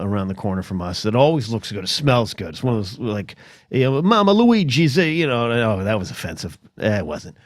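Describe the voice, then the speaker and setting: An American man hosting a solo podcast, rambling in an animated comedic rant that is full of restarts, swearing and mock voices. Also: fairly low pitch, dry recording, studio quality. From United States.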